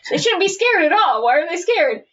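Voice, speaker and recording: A woman's voice: very high voice, very animated, fairly quick, a bit bright. A woman co-hosting a horror podcast, giggling and riffing on the story as she reads it aloud. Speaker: podcast co-host. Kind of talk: casual comedic chat and story reading. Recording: distant lo-fi mic with faint noise.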